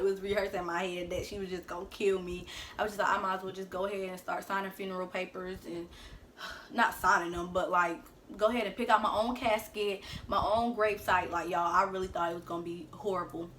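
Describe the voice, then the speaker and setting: A woman's voice: medium pitch, steady tone, brisk, fairly bright tone, a little hiss or hum. A young woman from the American South telling a personal story casually into her phone in her bedroom, chatting to viewers and acting out quotes. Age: young adult. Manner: chatty, addresses viewers as y'all, acts out quotes. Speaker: vlogger.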